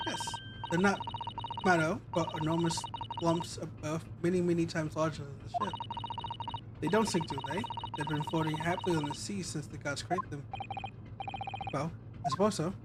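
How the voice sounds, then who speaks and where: A man's voice: fairly high pitch, heavy background noise. Joking man reading a game on stream. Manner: playful, joking, reads lines in varied voices.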